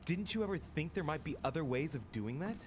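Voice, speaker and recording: A man's voice: a little high, lively intonation, brisk, background noise, lightly acted. An actor voicing a composed, guarded young nobleman in a video game, speaking curtly and levelly.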